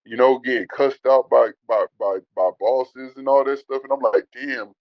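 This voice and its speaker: A man's voice: mid-range voice, moderate pace, no echo. Man, interview guest, blunt and heated, swears freely, dull lo-fi sound, dry. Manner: blunt, heated, swears, says bro a lot. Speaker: interview guest, former student. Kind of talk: emotional interview on a call.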